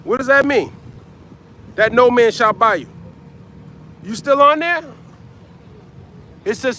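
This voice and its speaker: High-pitched guy preaching outside, blunt slangy talk, keeps saying man, faint street noise. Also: a little slow, pauses often, pushed and bright. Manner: blunt, slangy, repeats "man" at line ends. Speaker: livestream preacher. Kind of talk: street sermon, answering live chat.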